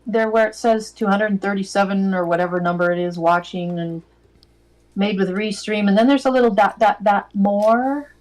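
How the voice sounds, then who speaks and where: A woman's voice: mid-range voice, steady tone, moderate pace, a little mellow, poor audio. A woman co-hosting a casual livestream chat, giving helpful, matter-of-fact directions. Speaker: co-host.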